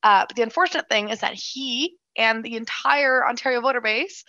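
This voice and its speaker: A woman co-hosting a casual political chat, animated and quick, full of restarts and "like". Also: on the high side, no echo, highs cut off. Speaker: political commentator, co-host.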